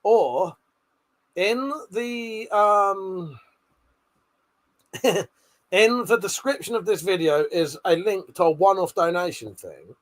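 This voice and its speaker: A man's voice: high voice, takes it slowly, long pauses. A man on a live stream, reading chat comments aloud in a brash, sweary, jokey way with frequent laughter.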